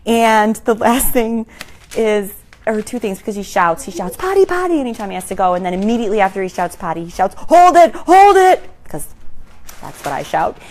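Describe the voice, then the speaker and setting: A woman hosting a casual chat, laughing often as she tells funny stories and acts out a toddler's shouts. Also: mid-range voice, brisk, slight background noise. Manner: laughs often between sentences; amused, storytelling. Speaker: host.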